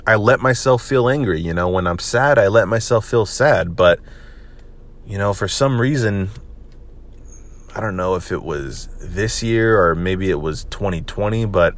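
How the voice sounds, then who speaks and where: A young man hosting a solo podcast, talking candidly and rambling, with lots of "man" and "you know". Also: low voice. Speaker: podcast host. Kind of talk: solo confessional podcast monologue.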